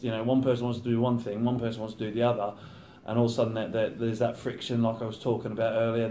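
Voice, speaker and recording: Man, 30, professional footballer, relaxed interview talk, mid-pitched, echoey room sound. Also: a little hiss or hum. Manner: chatty, acts out teammates' banter. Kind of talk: casual interview chat. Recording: roomy echo.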